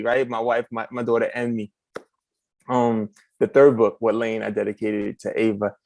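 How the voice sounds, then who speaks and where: Lively male author guest, acts out quotes, dry close sound, casual storytelling. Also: mid-range voice, dry recording. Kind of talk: casual interview chat.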